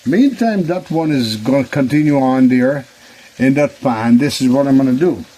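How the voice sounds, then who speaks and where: Man with a mid-range voice, relaxed chatty cooking host talking viewers through each step. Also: mid-range voice, normal speed, rough recording. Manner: chatty, repeats phrases, talks to viewers as folks. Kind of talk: casual cooking demonstration. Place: kitchen.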